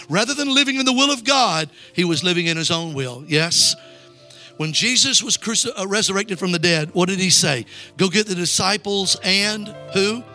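Evangelist, male, high bright voice, rousing sermon delivery that calls on the crowd to read along. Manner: urges the crowd to read aloud.

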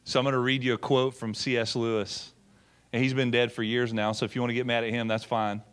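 A man's voice: medium pitch, little pitch movement, quick pace, a bit bright, smooth. Folksy middle-aged man preaching a story. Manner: folksy storyteller, acts out quotes, repeats words. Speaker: pastor and former missionary. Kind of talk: sermon with storytelling.

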